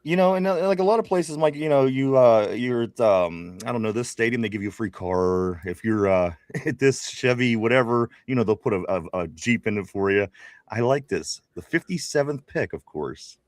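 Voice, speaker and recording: A man's voice: medium pitch, normal speed, no echo, clean studio sound. Man reading viewer comments live. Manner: laughs often, reads viewer comments aloud. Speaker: co-host. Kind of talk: casual live sports chat.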